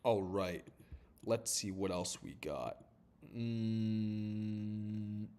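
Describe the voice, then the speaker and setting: A man's voice: fairly low pitch, fairly even intonation, extremely slow, dark tone. A man from south of Boston talking casually on a live stream while he debugs code, rambling, laughing often and swearing casually. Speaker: startup founder coding on a livestream.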